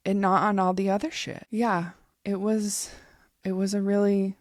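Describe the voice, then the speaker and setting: A woman's voice: medium pitch, level tone, moderate pace, no room sound, studio quality. A woman in her thirties hosting a podcast, telling a personal story in a candid, emotional way and swearing freely. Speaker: podcast host.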